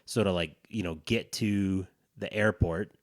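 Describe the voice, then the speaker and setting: A man's voice: low-pitched, steady tone, measured pace, no echo, studio quality. A man co-hosting a dads' podcast, telling a rambling, profane story in casual chat. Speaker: podcast co-host.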